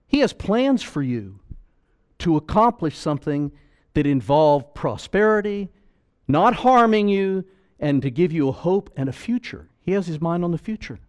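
A man's voice: a little high, lively intonation, normal speed, clear, resonant tone. A man preaching a sermon as pastor, emphatic and pleading, full of rhetorical questions.

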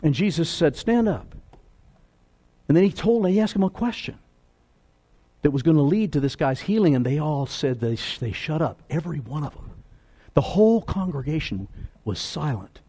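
A man preaching a sermon in a high, lively voice. He rises to loud emphasis and drops to hushed, low asides. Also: normal speed, slightly rough. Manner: animated preaching, swings between loud and hushed. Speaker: pastor.

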